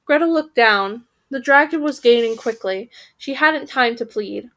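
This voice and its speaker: A woman's voice: on the high side, unhurried, sharp tone. A woman reading a children's fantasy story aloud, voicing the characters and stopping to correct her own slips.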